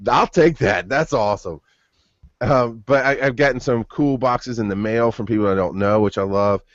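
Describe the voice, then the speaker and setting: A man's voice: mid-range voice, moderate pace, dry recording. Man in his thirties, casual podcast host, rambling stories, dry close sound, muffled lo-fi audio. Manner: rambling storyteller with frequent restarts. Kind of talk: casual chat.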